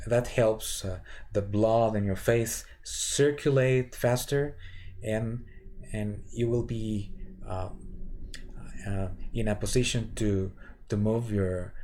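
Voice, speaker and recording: Slow, mellow-voiced man teaching voice exercises. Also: on the low side. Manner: slow, halting, with many fillers and restarts. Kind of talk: instructional lecture with vocal demonstrations.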